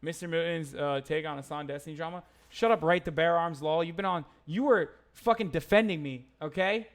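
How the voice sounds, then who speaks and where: Heated high-voiced young man streaming. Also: brisk. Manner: heated, profane, rambling with restarts. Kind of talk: livestream reading chat and commenting.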